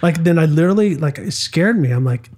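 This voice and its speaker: A man's voice: a little high, expressive, fairly quick, darkish tone. A middle-aged man, a former motocross champion, telling stories casually in an interview, with frequent restarts and acted quotes. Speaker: podcast guest, former motocross and off-road truck champion.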